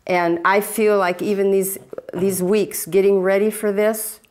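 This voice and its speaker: A woman's voice: medium pitch, little pitch movement, unhurried. A woman talking candidly and reflectively about faith and her marriage in casual conversation. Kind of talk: casual testimony.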